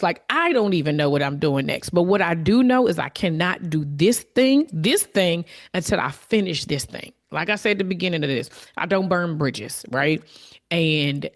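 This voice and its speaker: A woman's voice: lowish voice, expressive, moderate pace. A woman hosting her own podcast, talking in a candid, conversational way and openly admitting her emotions. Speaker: podcast host. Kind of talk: reflective solo podcast talk.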